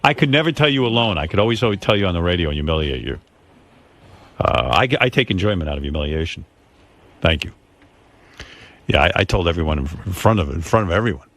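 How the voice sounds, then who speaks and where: Low-voiced older New man. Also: animated, quick pace, long pauses, fairly bright tone. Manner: self-mocking, storytelling with acted quotes. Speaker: radio show host. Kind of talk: casual radio banter.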